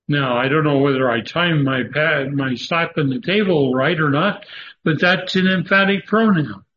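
Male Bible teacher, slightly high voice, slow and halting delivery, dull recording with faint hiss. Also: a bit bright. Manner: slow, halting, many "uh" fillers, emphatic stresses. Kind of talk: Bible study lecture.

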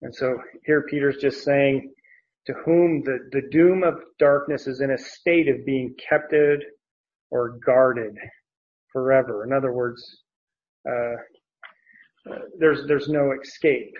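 A man teaching through a Bible passage verse by verse, pausing on word meanings, with frequent fillers and restarts. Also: mid-range voice, fairly even intonation, dull audio.

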